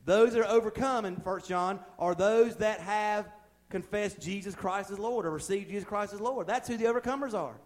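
A man preaching a fervent sermon in a church. He talks in a folksy, plain-spoken way with humorous asides, and his delivery swells from quiet passages to loud ones. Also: sits high, normal speed. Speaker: pastor.

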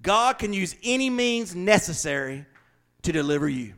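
Southern male preacher, high-pitched, folksy, emphatic bursts and soft asides. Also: big pitch swings, normal speed. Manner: folksy, joking asides with frequent laughter; swings from loud emphatic bursts to quiet, low asides. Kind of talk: sermon.

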